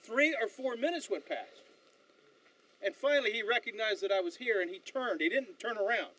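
A man leading a battlefield tour outdoors, telling stories in an animated way with frequent fillers and restarts. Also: high voice, rough recording. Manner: animated storyteller, halting with fillers. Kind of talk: outdoor guided tour talk.

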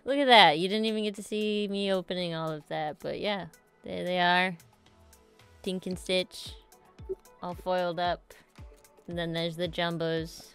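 A woman's voice: on the low side, steady tone, a little slow, pauses often, fairly bright tone, smooth, faint music behind. A woman hosting a casual card-unboxing video, laughing often and listing the card names as she opens packs. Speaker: card-opening channel host.

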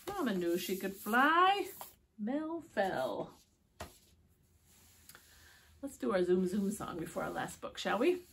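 A woman reading picture books aloud to young children, expressive, with gasps and drawn-out words. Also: mid-range voice, gravelly, slight background noise. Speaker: storytime reader.

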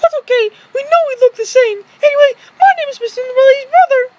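A toy-video narrator putting on a very high, squeaky voice for a chirpy toy character. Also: fairly quick. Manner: shrill, excited greetings.

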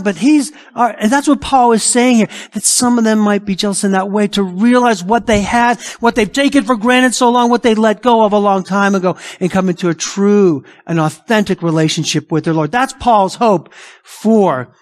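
High-pitched guy preaching a sermon, emphatic, keeps asking the crowd questions. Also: normal speed. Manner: acts out imagined objections in a raised voice. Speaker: pastor.

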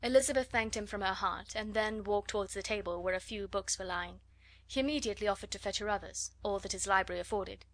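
A woman reads a classic novel aloud in a measured, clear way. Her voice sits at a middling pitch for a woman, with an even reading rhythm. It is scripted audiobook narration. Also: no room sound.

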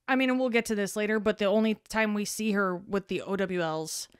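A woman's voice: medium pitch, steady tone, brisk, clean tone, no echo, clean studio sound. A young adult woman co-hosting a podcast in casual chat, chiming in with agreement and swearing freely. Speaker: podcast co-host.

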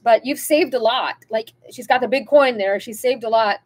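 A woman with a slightly high voice leads a casual pick-a-card tarot reading. She rambles in a chatty way and talks about energy and manifesting straight to her viewers. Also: normal speed. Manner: chatty, rambling, spiritual, addresses viewers as "you guys".

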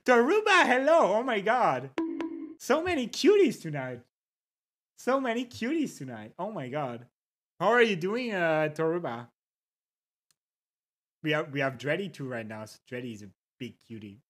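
A native French speaker streaming live at a desk mic, chatting casually with viewers. The talk is excitable, breaks into laughs and curses, and greets names from chat. The voice sits at a middling pitch. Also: moderate pace, long pauses.

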